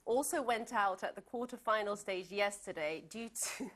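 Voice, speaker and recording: A woman's voice: medium pitch, normal speed, fairly bright tone. A woman guest on a talk show reviewing newspaper stories, hesitant with many fillers.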